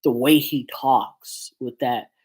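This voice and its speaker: A man's voice: mid-range voice, takes it slowly, a little mellow, husky, rough recording. A man with a stuffy nose from a cold, chatting in a rambling casual commentary vlog with lots of fillers. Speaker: YouTuber.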